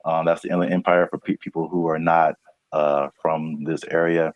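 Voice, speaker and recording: A man from California co-hosting a casual podcast, laid-back and quick to laugh, often trailing off mid-sentence. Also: extremely low pitch, level tone, dry recording, lo-fi sound. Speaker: podcast co-host.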